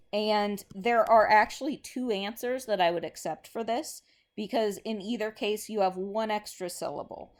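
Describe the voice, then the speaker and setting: A woman teacher explaining poetic meter to her class with patient fillers, reading verse slowly with heavily stressed beats. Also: lowish voice, a little mellow. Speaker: English teacher.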